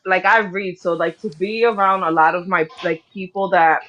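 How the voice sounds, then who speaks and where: A woman author chatting casually as an interview guest, excitable and slangy, laughing often. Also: on the low side, moderate pace, highs cut off. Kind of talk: casual chat.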